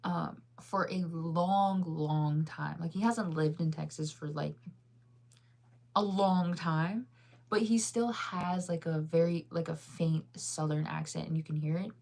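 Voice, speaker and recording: Her voice is low-pitched, steady, creaky, and a little mellow, unhurried yet with hardly any pauses. She's a streamer in her thirties from the United States with a faint Midwestern accent, answering chat in a rambling manner full of fillers and laughter.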